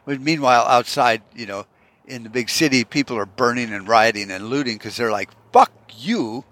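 A man's voice: mid-range voice, fairly even intonation, brisk, fairly bright tone. A man hosting his own podcast, ranting in a sarcastic, profane, rambling monologue. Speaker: podcast host.

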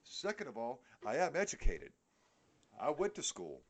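A man's voice: medium pitch, huge pitch swings, moderate pace. A middle-aged man with a New York accent, co-hosting a podcast in a heated, profane casual rant. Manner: heated, profane ranting with frequent swearing. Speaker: podcast co-host. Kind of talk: casual chat.

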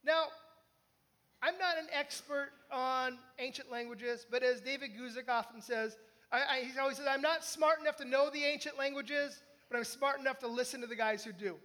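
A man's voice: very high-pitched, normal speed. A man preaching a conversational sermon, often asking his listeners questions. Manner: conversational, animated, asks the listeners. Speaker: pastor.

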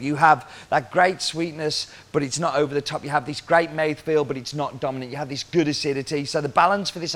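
A man's voice: on the high side, fairly bright tone. A man who works as a coffee roaster, explaining his work in a casual way and asking the viewer questions.

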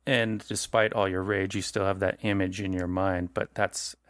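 A man's voice: low-pitched, flat delivery, normal speed, a bit bright, dry recording, studio quality. A man narrating as game master for a tabletop horror game, casual and rephrasing as he goes. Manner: conversational, restarts and rephrases.

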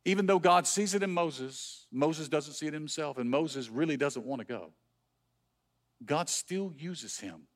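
A man preaching a sermon as pastor, earnest, with rhetorical questions and repeated phrases. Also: on the high side. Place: church.

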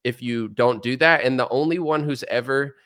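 Joking, animated man hosting a podcast. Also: medium pitch, normal speed. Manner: joking, animated, sarcastic asides. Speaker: podcast host. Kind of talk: casual political chat.

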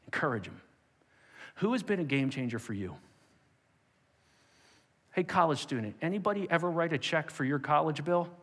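A man preaching a sermon as pastor, moving from emphatic exhortation to hushed prayer. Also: on the high side, expressive, moderate pace, long pauses. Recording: long hall reverb.

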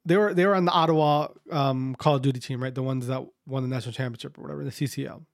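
A man's voice: mid-range voice, fairly even intonation, very fast, vocal fry, dry recording, studio quality. A man casually telling a long story to his viewers, rambling, repeating himself and swearing often.

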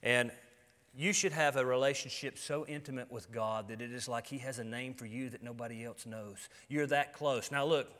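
Folksy preacher, bright and echoing. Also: male voice, medium pitch, fairly even intonation, moderate pace. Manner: folksy, earnest, emphatic preaching with colloquialisms. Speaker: pastor. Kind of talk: sermon. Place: church sanctuary. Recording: long hall reverb.

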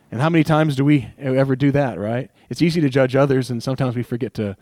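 A young man preaching a sermon in a casual, conversational way, animated and joking, slipping into little acted asides. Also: medium pitch, quick pace, hardly any pauses, no echo, studio quality. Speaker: pastor.

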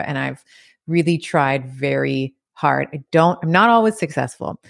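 A chatty middle-aged woman speaks as a podcast guest, her voice sitting very low for a woman. She talks in a lively, animated way, laughs often and restarts her sentences. The sound is close and dry, with no room around it. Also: moderate pace, vocal fry, no room sound. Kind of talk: casual interview chat.

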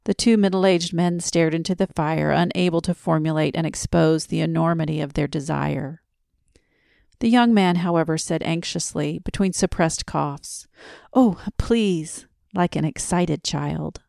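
Bedtime story reader, soft and slow, lower woman's voice with fry. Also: no room sound, clean studio sound. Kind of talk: slow quiet sleep story narration.

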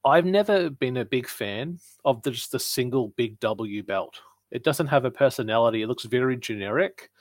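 A man's voice: mid-range voice, animated, normal speed, hardly any pauses, dry recording. A man co-hosting a casual wrestling chat, talking things through in an analytical, explaining way. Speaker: podcast co-host.

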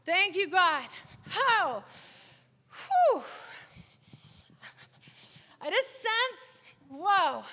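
A woman with a very high, bright voice leads spontaneous prayer. She repeats phrases slowly and punctuates them with sighs and exclamations. Her voice rings out with a long reverb, as in a large hall. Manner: repetitive, exclamatory, with breathy sighs and whews. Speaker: prayer leader.

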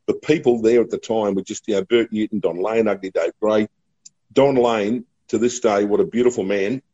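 A middle-aged Australian man, a radio broadcaster, spins chatty anecdotes and laughs easily. His voice sits low, with a husky, mellow grain. The recording sounds dull and lo-fi. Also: steady tone, moderate pace. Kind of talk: casual storytelling.

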